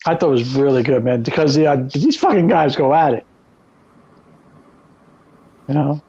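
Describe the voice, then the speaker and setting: A man co-hosting a wrestling podcast, recapping shows in animated, profane storytelling. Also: mid-range voice, normal speed, breathy edge, lo-fi sound. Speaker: podcast co-host. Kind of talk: casual wrestling chat.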